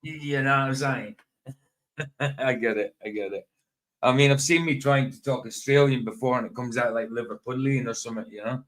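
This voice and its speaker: A man of middle pitch hosts a casual livestream. He rambles, laughs often and breaks off his sentences to restart them. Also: brisk, a bit bright, low-quality recording. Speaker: livestream host. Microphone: streaming setup.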